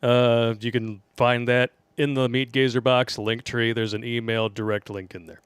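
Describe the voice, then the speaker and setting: A man's voice: medium pitch, little pitch movement, moderate pace, clean tone, dry recording. Laid-back male show host reading emails. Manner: laid-back, frequent "uh" fillers and laughs. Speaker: podcast host. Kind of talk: casual live-show chat, reading listener emails.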